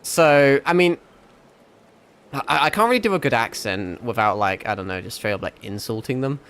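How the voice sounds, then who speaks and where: A man's voice: medium pitch, expressive, moderate pace, fairly bright tone, slight background noise. A young man with a mixed northern English accent, chatting casually to his livestream while gaming, rambling, swearing and laughing often. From England. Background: faint background music.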